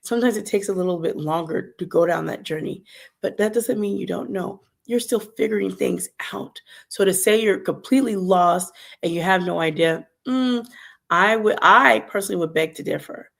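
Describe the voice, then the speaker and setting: A woman hosting a faith podcast livestream, talking in an animated, emphatic way and speaking to viewers in the chat. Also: mid-range voice, moderate pace, gravelly. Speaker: podcast host. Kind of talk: casual devotional livestream talk.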